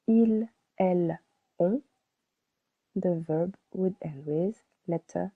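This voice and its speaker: A woman's voice: on the low side, extremely slow, long pauses, slightly rough. A woman teaching a beginner French lesson, spelling out letters and saying each example word twice. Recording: tinny phone-like sound.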